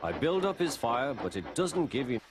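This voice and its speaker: A man's voice: medium pitch, sing-song, moderate pace, background noise, pitched above the performer's own voice, lightly acted. A man voicing a male engine fireman who complains in an earnest way. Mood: complaining.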